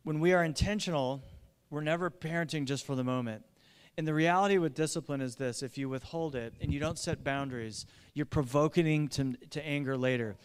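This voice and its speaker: A middle-aged man, a pastor, preaching a sermon in an earnest, urgent way with lively asides. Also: a little high, a little fast, clean tone. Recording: long reverb of a large hall.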